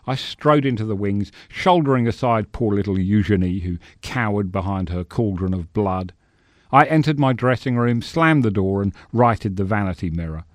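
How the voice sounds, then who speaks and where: Male storyteller, low voice, measured and sardonic. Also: animated, dry recording, studio quality. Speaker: narrator. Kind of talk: scripted narration.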